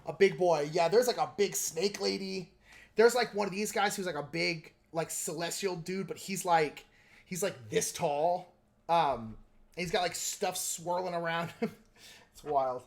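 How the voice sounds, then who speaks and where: A man with a high, gravelly voice hosts a casual livestream while painting miniatures, speaking unhurriedly. He rambles and jokes with lots of filler words, often poking fun at himself.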